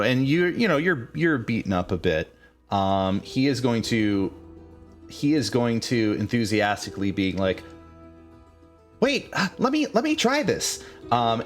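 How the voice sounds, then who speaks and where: A man narrating as game master, halting with many fillers and restarts. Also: medium pitch.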